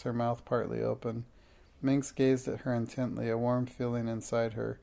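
A man narrates a children's book in a steady, unhurried way. His voice is gravelly and dark, with a mellow tone. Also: mid-range voice. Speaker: audiobook narrator. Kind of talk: children's book read aloud.

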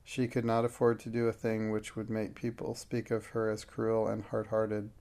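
A man reading a classic novel aloud in a steady, measured narration. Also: fairly low pitch, creaky. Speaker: audiobook narrator. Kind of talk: scripted narration.

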